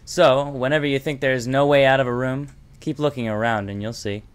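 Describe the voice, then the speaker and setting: A young man sends a casual recorded message about a map he built. His voice is smooth and middle-pitched, and he shrugs off praise with easy self-deprecation. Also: fairly even intonation, brisk.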